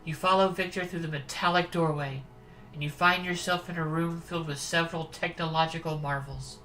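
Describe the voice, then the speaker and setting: Bright-voiced woman streaming a dating sim. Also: deep voice, fairly even intonation, fairly quick, a little hiss or hum, low-quality recording. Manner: chatty, amused asides. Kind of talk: reading a dating sim aloud.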